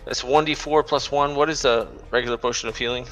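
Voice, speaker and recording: A man's voice: mid-range voice, fairly even intonation, fast talker, a bit bright, soft background music. A man chatting casually as a player in a tabletop game, often cutting in. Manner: casual, talks over others.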